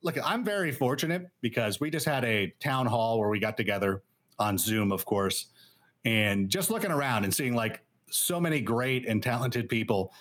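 A man being interviewed on a podcast, telling stories in a rambling, animated way with lots of fillers. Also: medium pitch, moderate pace. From Los Angeles area. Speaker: guest analyst. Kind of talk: casual interview chat.

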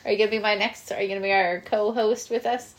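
A woman's voice: mid-range voice, steady tone, fast talker, slight background noise. A woman co-hosting a podcast in casual chat, giggly, reading aloud from a book. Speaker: podcast co-host.

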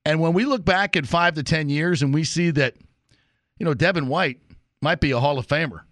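Emphatic sports radio host. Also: male voice, fairly high pitch, moderate pace, a bit bright, no echo. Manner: emphatic, punchy repetition. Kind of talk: sports talk monologue.

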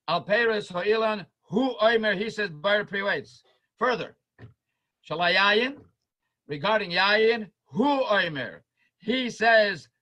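A man's voice: high-pitched, pushed and bright, poor audio. A man teaching a Talmud study class as a rabbi, chanting quoted texts in a sing-song and repeating words for emphasis. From United States.

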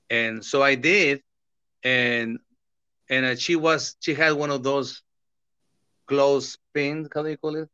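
Bright-voiced man, halting speech. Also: medium pitch, steady tone, clear, resonant tone, dry recording. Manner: halting, many fillers and restarts. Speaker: interview guest. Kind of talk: personal interview talk. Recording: dull, slightly lo-fi recording.

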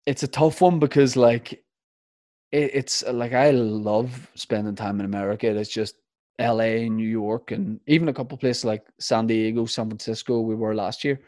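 A man's voice: mid-range voice, steady tone, moderate pace, darkish tone, no echo, clean studio sound. A man with a Northern Irish accent hosting a casual interview, chatty and rambling with lots of fillers.

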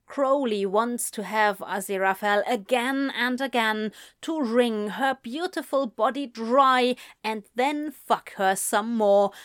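A woman reading erotic fiction aloud in a slow, breathy, intimate way. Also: a little high, fairly bright tone, no echo, clean studio sound. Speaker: narrator.

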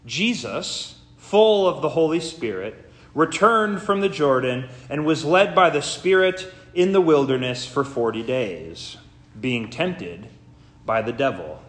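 Slow, earnest male pastor in echoey church. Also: medium pitch, expressive. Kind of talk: scripture reading and sermon. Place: church sanctuary.

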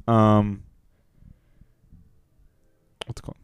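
A man's voice: lowish voice, little pitch movement, drawn-out words, slight background noise. A young man co-hosting a casual chat podcast, rambling with lots of fillers, apologizing and laughing often. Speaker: podcast co-host.

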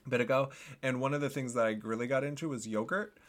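A man's voice: medium pitch, fairly even intonation, fast. A young man co-hosting a podcast, chatting casually and rambling with lots of fillers and self-deprecating laughs. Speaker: podcast co-host. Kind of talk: casual chat.

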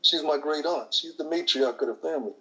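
A man in casual chat, relaxed and slangy, saying "you know" a lot. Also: a little high, fairly quick.

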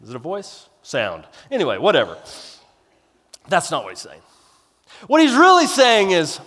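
A male pastor delivers a sermon in a folksy, rambling manner, restarting phrases and joking at his own expense. His voice sits high for a man. A long reverb from a large sanctuary trails each phrase. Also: wildly swooping pitch, moderate pace, bright, forceful tone. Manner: folksy, rambling with restarts and self-deprecating humor.

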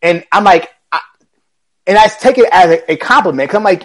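A man's voice: high-pitched, animated, a little fast. A man hosting a podcast, speaking earnestly and encouragingly, repeating phrases for emphasis. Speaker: podcast host. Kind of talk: casual conversation.

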